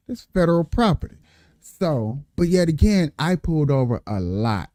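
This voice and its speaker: Man, casual storytelling, animated, repetitive, mellow low tone, dry close sound. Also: dry recording. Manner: animated, repeats himself, addresses viewers as y'all. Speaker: vlogger telling a work story.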